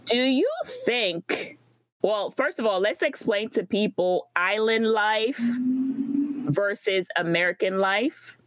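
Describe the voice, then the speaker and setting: Lady hosting a chill podcast, dry close sound, laughs loud n asks a lot. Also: medium pitch, animated, slow pace, dry recording. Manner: laughs loudly, asks questions eagerly. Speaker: podcast host. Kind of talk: casual podcast chat.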